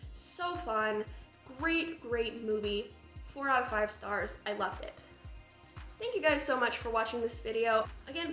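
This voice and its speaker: A woman gushes through a casual horror film review, chatty and full of fillers. Her voice is bright and a little high. The room echoes, and soft music plays underneath. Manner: gushing, chatty, lots of fillers.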